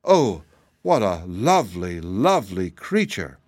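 A man voicing an eager, friendly young mortal girl who speaks quickly and earnestly. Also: mid-range voice, animated, dry recording, studio quality, close to an everyday voice. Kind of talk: storybook character voice.

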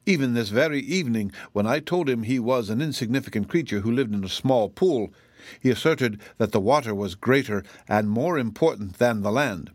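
A man's voice: medium pitch, expressive, a little fast, no room sound, natural voice. A man voicing a proud, pompous male zebra in a storybook reading, with a formal and indignant way of speaking. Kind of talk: audiobook reading.

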